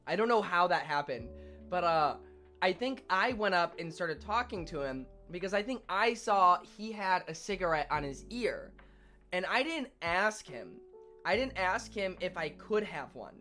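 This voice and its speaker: A young man streaming, telling a story in casual chat, animated and laughing often, swearing freely. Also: high voice, moderate pace, soft background music.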